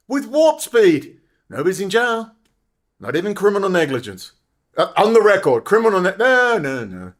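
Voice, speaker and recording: A man's voice: sits high, sing-song, unhurried, long pauses, fairly bright tone. A man delivering an angry, profane, sarcastic commentary monologue, repeating rhetorical questions. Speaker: political commentator.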